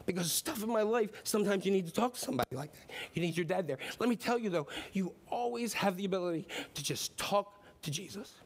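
A man's voice: high voice, lively intonation, fast talker. A middle-aged man preaching a sermon, talking in a conversational way and rising to emphatic declarations. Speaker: pastor.

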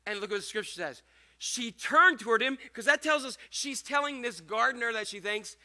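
A man's voice: very high-pitched, normal speed. A man preaching a sermon as pastor, joking and acting out scenes. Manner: animated, joking, acts out scenes.

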